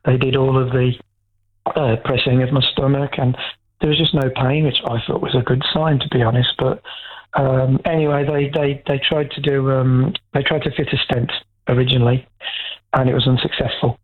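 A man's voice: mid-range voice, level tone, normal speed. A man calling into a radio phone-in, speaking frankly and rambling with restarts. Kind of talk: candid phone-in call. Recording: tinny phone line.

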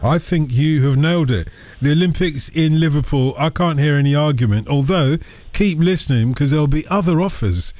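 A man's voice: moderate pace, hardly any pauses. A man hosting a radio phone-in, chatting casually and playfully with callers. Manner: chatty and playful, with lively pitch swings. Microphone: studio microphone.

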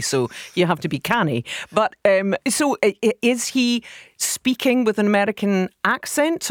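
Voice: mid-range voice, no room sound. Playful radio co-host, dry sound. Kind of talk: radio talk show.

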